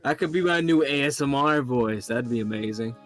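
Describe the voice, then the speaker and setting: A man's voice: medium pitch, brisk, fairly bright tone, soft background music. A man streaming a game live, chatting casually, rambling and swearing as he jokes with a friend.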